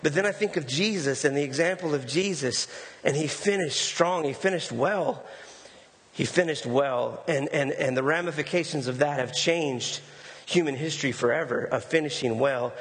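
A man's voice: on the high side, normal speed, fairly bright tone. A male pastor preaching a sermon in a conversational way, often repeating words for emphasis. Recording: long hall reverb.

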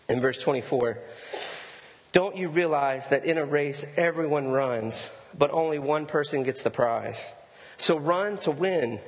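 A male pastor preaching a sermon in a conversational way, often repeating words for emphasis. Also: on the high side. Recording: long hall reverb.

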